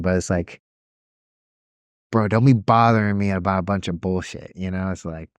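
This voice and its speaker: A man co-hosting a podcast, chatting casually and telling animated stories, often mimicking people in a higher voice. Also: moderate pace, smooth, no echo. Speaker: podcast co-host. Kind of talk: casual chat.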